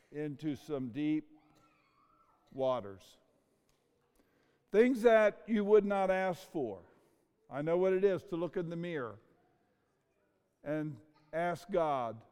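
Emotional high-voiced preacher, big hall. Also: male voice, warm tone, smooth. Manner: emotional, rhetorical questions, dramatic pauses. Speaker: pastor. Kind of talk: sermon. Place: church sanctuary. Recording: long reverb of a large hall.

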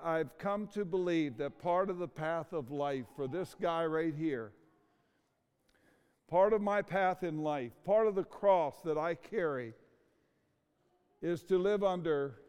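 A middle-aged male pastor delivers a slow, deliberate sermon, full of rhetorical questions and heartfelt pauses. His voice sits high for a man and comes through smooth and resonant. The sound rings with the long reverb of a large sanctuary. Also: darkish tone. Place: church sanctuary.

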